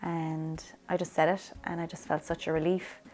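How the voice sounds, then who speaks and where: A woman's voice: low-pitched, level tone, moderate pace, darkish tone. A woman giving a personal testimony in an interview, chatty and full of "like". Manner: chatty, peppered with "like", acts out quotes. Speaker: interviewee sharing faith testimony.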